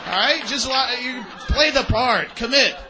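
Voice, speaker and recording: A man's voice: very high-pitched, a little slow, background noise. A male stand-up comedian with a crude, rambling manner, bantering with the crowd from a comedy club stage. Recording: live club recording with loud crowd. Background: audience laughter.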